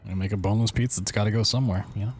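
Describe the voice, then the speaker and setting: A man's voice: lowish voice, fairly even intonation, rapid-fire, darkish tone, slight background noise. A young man streaming a game, chatting casually and joking with viewers in a mock-dramatic way. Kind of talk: casual livestream chat while gaming.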